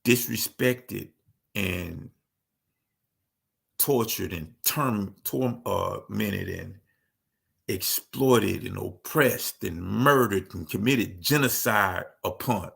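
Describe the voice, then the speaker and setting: A man's voice: on the low side, takes it slowly, gravelly, a bit bright. A man speaking in an emphatic commentary monologue who repeats key phrases for stress.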